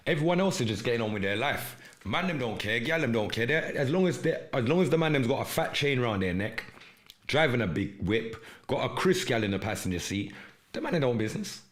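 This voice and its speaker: A man's voice: mid-range voice, lively intonation, a little fast. Impassioned man preaching on a livestream. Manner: preachy, urgent street-slang delivery. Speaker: live stream podcast host. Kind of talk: impassioned livestream monologue with chat shout-outs.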